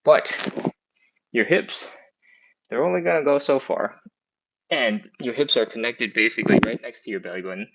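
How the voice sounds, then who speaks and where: A stretching instructor talks a live class through their stretches on an earbud mic, the recording muffled and the background noisy. His mid-range voice is expressive and creaky, chatty and encouraging, a little breathless, and he counts down slowly.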